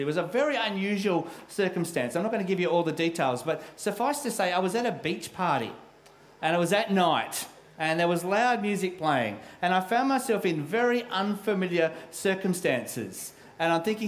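A middle-aged male pastor preaching a sermon, recorded in an echoey church. His voice sits a little high for a man, and his storytelling is candid and self-deprecating. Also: lively intonation, fairly quick.

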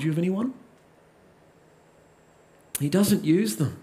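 Male preacher, high voice, measured delivery, rhetorical questions, emphatic repetition. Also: lively intonation. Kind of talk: sermon.

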